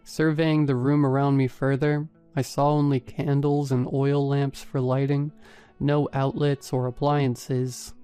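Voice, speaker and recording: A man narrating a first-person horror story in a steady, even storytelling manner. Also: medium pitch, unhurried, clean tone, faint music behind. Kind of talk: scripted narration.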